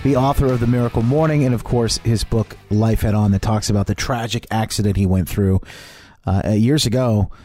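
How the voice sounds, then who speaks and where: A man's voice: on the low side, fairly quick, warm tone, faint music behind. A man hosting a radio interview show, folksy and laughing along as he plays devil's advocate.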